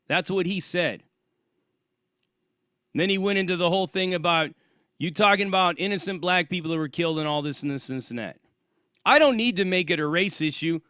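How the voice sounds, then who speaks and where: A man's voice: high-pitched, bright, forceful tone, no room sound, studio quality. A man hosting his own channel, delivering an angry, profane and sarcastic ranting monologue. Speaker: channel host.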